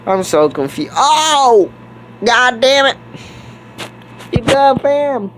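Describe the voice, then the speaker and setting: A rowdy man with a very high voice plays a character in a game, swearing through excited outbursts. He speaks slowly and drags his words out, and a faint hiss of noise sits in the background.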